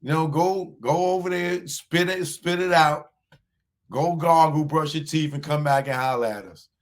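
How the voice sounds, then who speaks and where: A man hosting a livestream, taunting a viewer in chat with drawn-out mocking questions and laughter. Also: on the high side. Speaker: livestream host.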